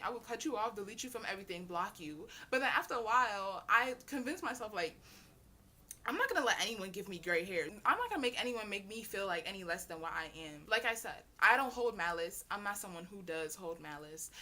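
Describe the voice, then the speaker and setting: A young adult woman telling a storytime vlog in a chatty, slangy, animated way, bursting into shrieks. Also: mid-range voice. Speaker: vlogger.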